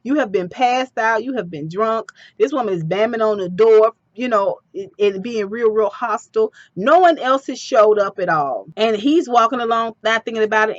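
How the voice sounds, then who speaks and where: A woman giving a casual, animated recap of a TV episode with personal asides. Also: mid-range voice, no room sound, dull audio.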